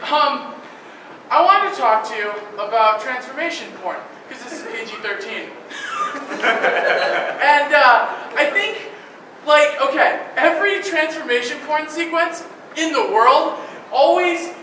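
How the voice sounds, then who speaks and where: A male comedian doing an animated, crude observational bit in a comedy club, heard through roomy club sound from a distant mic. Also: very high voice, unhurried, a little hiss or hum. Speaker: stand-up comedian. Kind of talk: stand-up bit.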